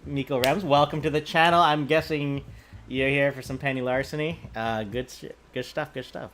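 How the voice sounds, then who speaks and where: A man's voice: medium pitch, steady tone, normal speed, fairly bright tone, slight background noise. A man chatting casually on a game stream, rambling and laughing. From British Columbia, Canada.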